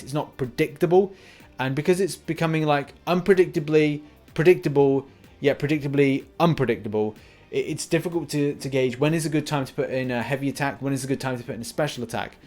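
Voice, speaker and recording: A man's voice: a little high, fast, darkish tone, soft background music. A young man hosting a gaming channel, chatting casually as he reads out viewer comments and answers them, with plenty of restarts and fillers. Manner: rambling, frequent restarts and fillers.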